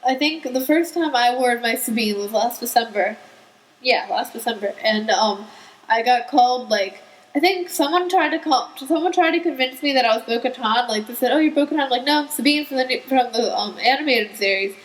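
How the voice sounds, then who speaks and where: A woman's voice: on the high side, normal speed, poor audio. A teenage girl hosting a casual podcast chat, telling chatty stories with laughs. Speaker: podcast host.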